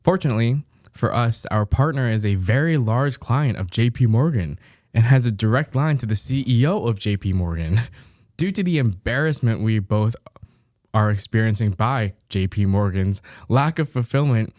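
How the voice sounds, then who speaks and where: A man's voice: mid-range voice, expressive, normal speed, darkish tone, no echo. A young man co-hosting a podcast, reading a listener's story aloud with dry, amused remarks and frequent laughter. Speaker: podcast co-host.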